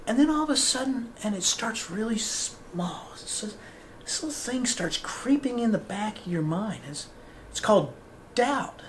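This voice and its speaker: A man's voice: high voice, measured pace, slight background noise. A man hosting a podcast, giving a motivational talk and acting out the voices he quotes. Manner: animated, acts out quoted voices. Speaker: podcast host.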